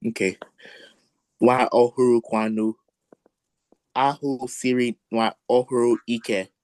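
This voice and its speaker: Man, student, careful hesitant reading, slow, flat, smooth voice, dry sound. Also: mid-range voice, no echo. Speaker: language student. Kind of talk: reading aloud in class.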